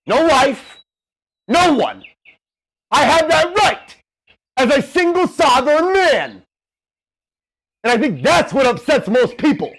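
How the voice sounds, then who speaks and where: A man's voice: very high-pitched, fairly bright tone. A young man livestreaming from a gym, delivering a profane, intense motivational rant and gym tips. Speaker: fitness livestreamer.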